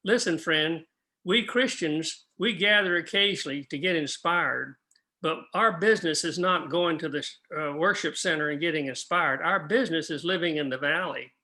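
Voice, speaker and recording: Bright-voiced older man teaching Bible class. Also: a little high, normal speed. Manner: earnest, practical, asks the class questions.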